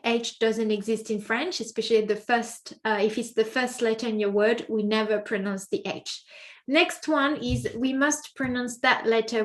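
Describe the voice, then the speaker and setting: A woman teaching pronunciation, speaking slowly and patiently in a fairly high voice. She repeats each word several times and stops to ask the listener what they notice. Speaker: French teacher. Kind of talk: slow, careful pronunciation lesson.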